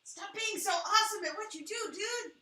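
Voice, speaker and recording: A woman's voice: very high voice, fairly quick, pushed and bright, recorded from a distance. A woman chatting casually, throwing in dry, teasing quips. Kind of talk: casual chat. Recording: echoey room sound.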